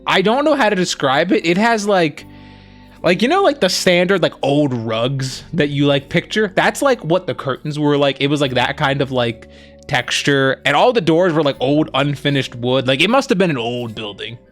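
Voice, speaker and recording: A man casually telling a long story on a stream, rambling with lots of fillers and quoting the people he met, animated as he retells it. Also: on the high side, moderate pace, soft background music. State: injured foot, on crutches. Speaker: streamer co-host.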